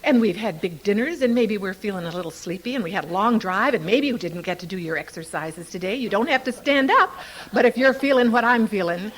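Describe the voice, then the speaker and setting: An older woman speaking at a recovery convention before a live audience, an animated, playful storyteller who laughs often. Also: mid-range voice, fairly quick. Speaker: Al-Anon speaker.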